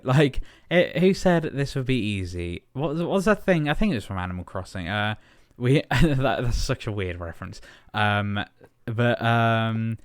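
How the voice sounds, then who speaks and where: A man's voice: fairly low pitch, smooth, no room sound, studio quality. A young man casually chatting while building in a game, rambling with many fillers and little chuckles. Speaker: gaming channel host. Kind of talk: casual Minecraft building commentary.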